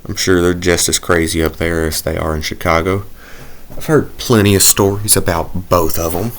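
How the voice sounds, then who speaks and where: A man with a very low, deep voice talks through a football video game as he plays. He rambles, thinks aloud and jokes at his own expense in a loose, casual way. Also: fairly even intonation, normal speed, a little hiss or hum. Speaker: gaming commentator. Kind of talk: casual gameplay commentary.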